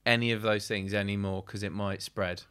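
A man's voice: lowish voice, level tone, brisk, fairly bright tone, clear, resonant tone. A man, a comedian guest, chatting casually with wry jokes. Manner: wry, joking, dry asides. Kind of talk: casual chat.

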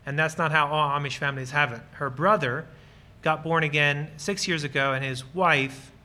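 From Lancaster County, Pennsylvania, this male guest speaker talks about ministry earnestly and enthusiastically, fielding audience questions and telling personal stories. His voice sits a little high, pushed and bright, with a steady tone at a moderate pace. He plays out short pieces of dialogue while he explains.

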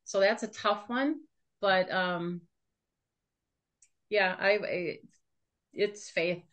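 A middle-aged woman speaking as an interview guest, soft-spoken and hesitant, pausing to think. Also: medium pitch. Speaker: guest, bereaved mother. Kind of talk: casual interview.

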